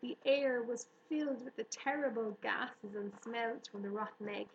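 A woman reads a storybook aloud in a steady, even manner. Her voice rings slightly in the room, with a faint hiss underneath. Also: fairly high pitch, normal speed, roomy sound, lo-fi sound. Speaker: narrator. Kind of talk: audiobook reading.

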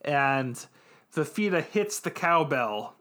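A man's voice: fairly high pitch, animated, takes it slowly, a bit bright. A man casually recapping an anime episode on a podcast, loose and joking, with plenty of ums and restarts. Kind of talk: casual chat.

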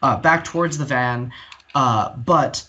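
A man in a relaxed podcast chat tells an episode plot step by step, filling pauses with plenty of ums and uhs. His voice sits at an ordinary middle pitch. He is also a magician. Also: highs cut off. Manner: steady storytelling with many fillers. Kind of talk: casual recap chat.

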